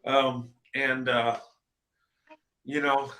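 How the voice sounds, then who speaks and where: A man hosting a casual livestream chat, halting and repeating words while he encourages a friend. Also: medium pitch, little pitch movement, bright, forceful tone, roomy sound. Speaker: host.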